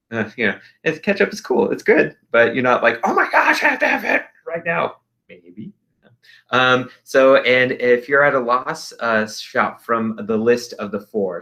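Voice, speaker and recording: A young man leads a casual virtual arts lesson. His voice has a bright, forward edge, and he stays upbeat, filling pauses with lots of ums and uhs. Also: mid-range voice. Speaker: expressive arts teacher.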